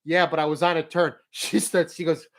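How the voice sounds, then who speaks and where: A man's voice: on the high side, normal speed. A man talking casually as host, telling a story and giving motivational advice, laughing as he goes. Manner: animated, laughs while telling stories.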